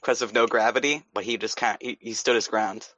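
A man's voice: on the low side, steady tone, quick pace, pushed and bright, no echo. A man on a comedy podcast riffing playfully on jokes, heard through a slightly dull, lo-fi mic. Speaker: podcast co-host. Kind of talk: casual comedic chat.

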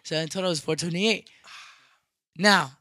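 A man's voice: high voice, normal speed, bright, forceful tone, no room sound, clean studio sound. A young man in his twenties telling a rambling, profane story in casual podcast chat, dropping in Spanish phrases. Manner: rambling, profane, with frequent restarts.

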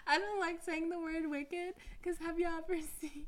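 A woman's voice: very high-pitched, fairly even intonation, unhurried. A young woman hosting a podcast in a chatty, giggly, casual way, full of filler words. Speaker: podcast host. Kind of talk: casual chat.

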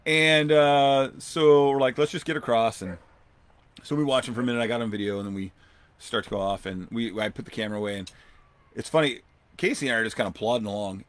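A man hosting a podcast, telling a long outdoor story in a rambling, animated way and acting out what people said. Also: mid-range voice, fast talker. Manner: rambling, animated, acts out quotes. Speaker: podcast host. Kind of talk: casual storytelling.

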